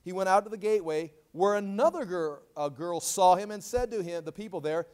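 High-voiced man preaching with animated voice-acting. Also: fairly quick, hardly any pauses, clean tone. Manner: animated, acts out quoted lines with big swings in pitch and volume. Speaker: Bible teacher. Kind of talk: expository sermon.

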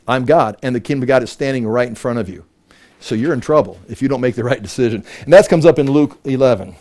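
A man teaching a Bible study, emphatic and animated, often repeating words as he works through a point. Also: mid-range voice.

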